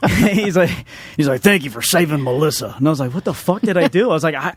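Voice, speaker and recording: A man's voice: fairly high pitch, animated, fast talker, husky. A man casually telling a rambling, profane anecdote on a podcast. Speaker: guest storyteller.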